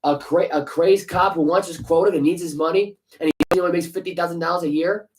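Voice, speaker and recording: This slightly high-voiced man talks fast with fairly even intonation, captured on a low-quality recording. As co-host of a casual sports podcast, he rants heatedly, cursing and tossing out sarcastic rhetorical questions.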